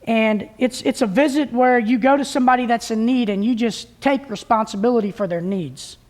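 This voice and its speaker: Woman preacher, somewhat high voice, talks to the congregation in a relaxed, homespun way and restarts her phrases often. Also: moderate pace. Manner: plain-spoken, folksy, with frequent restarts. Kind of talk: conversational sermon. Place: church service.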